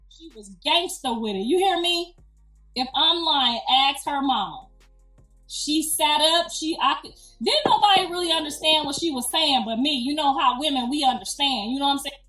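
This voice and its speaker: Middle-aged woman, high voice; emphatic, profane storyteller; distant mic in a reverberant room. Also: moderate pace. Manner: animated, emphatic, profane, slangy. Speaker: grandmother telling a birth story. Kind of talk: casual storytelling. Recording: echoey room, distant mic, faint music.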